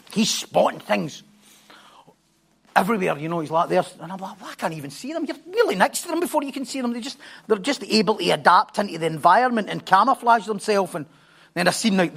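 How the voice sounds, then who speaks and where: A man preaching a sermon, telling a story with animated repetition and stumbling restarts. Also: high voice, creaky, husky.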